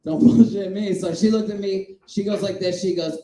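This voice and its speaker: A man doing a stand-up set in a small comedy club, crude and self-mocking, swinging between shouting and mumbling. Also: sits high, moderate pace, echoey room, poor audio.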